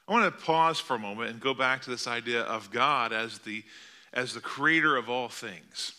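A man's voice: medium pitch, moderate pace, bright, forceful tone. A middle-aged male pastor preaching a sermon in an earnest, conversational way, asking the congregation rhetorical questions.

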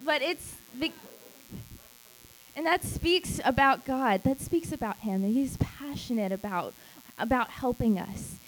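Speaking at a measured pace in a high-pitched voice, a woman who leads a small group gives a church teaching talk with strong emphasis. She repeats important phrases and dramatizes quoted lines, and the recording is rough.

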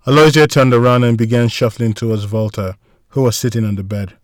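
A man reads a story aloud in a steady, even narrating voice. His pitch sits mid-range for a man, and the recording is close and dry with no room echo. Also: fairly quick. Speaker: audiobook narrator. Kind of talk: scripted narration.

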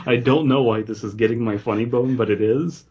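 A man's voice: mid-range voice, fairly quick, darkish tone, breathy edge. A man co-hosting a podcast, reading a horror story aloud and breaking off for casual, easily amused chat. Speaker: podcast co-host and story reader.

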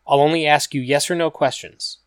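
A man voicing a caring, determined woman in a storybook reading who asks gentle questions and sometimes speaks in a hush. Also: a little high, steady tone, a little fast, clear, resonant tone, no echo, clean studio sound, pitched above the performer's own voice, close to an everyday voice. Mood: gently probing. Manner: gentle questioning, hushed at times.

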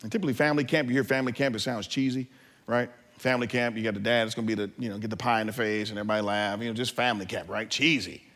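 A man preaching as a pastor, telling a family story with lively asides to the congregation. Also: mid-range voice, rapid-fire. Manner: animated, acts out family scenes. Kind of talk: sermon.

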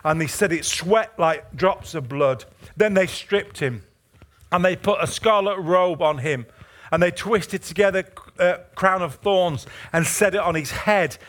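A male pastor preaches passionately, his voice sitting high as he shifts from hushed, slow passages to fervent, urgent ones.

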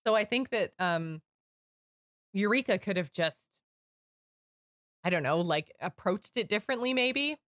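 A woman co-hosting a podcast in casual, animated chat. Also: medium pitch, no echo, clean studio sound. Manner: chatty, animated, quick asides. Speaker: podcast co-host.

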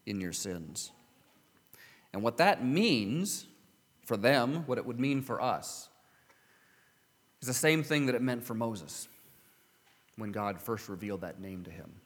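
A man preaching a sermon, earnestly reading scripture and asking his listeners rhetorical questions. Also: on the low side. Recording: long hall reverb.

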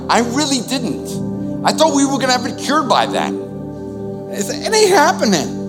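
A man's voice: extremely high pitch, huge pitch swings, normal speed. A man, preaching a conversational sermon with sudden swings in volume. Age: 60s. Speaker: pastor. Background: new-age music.

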